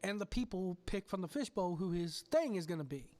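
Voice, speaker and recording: A man's voice: high voice, expressive, brisk, a little mellow. A man hosting a podcast, telling a story with lots of swearing. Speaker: podcast host. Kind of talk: casual chat.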